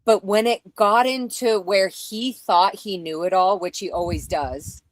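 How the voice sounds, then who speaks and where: A woman hosts a casual live talk, speaking bluntly with frequent swearing. She rambles and circles back to her points with raw emotion. Her mid-pitched voice sounds dry and close. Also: unhurried, no echo, rough recording. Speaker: show host.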